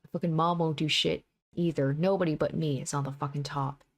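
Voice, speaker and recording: A woman's voice: sits low, fairly even intonation, brisk. Woman reading a bragging brutal young thug. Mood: gloating. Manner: boastful, profane bragging. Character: gloating violent young male thug.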